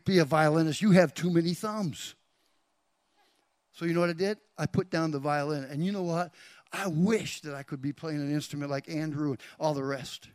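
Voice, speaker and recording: A male pastor preaching a sermon, speaking directly to the congregation and calling out names, swinging from hushed whispers to loud climaxes. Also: fairly high pitch, no echo.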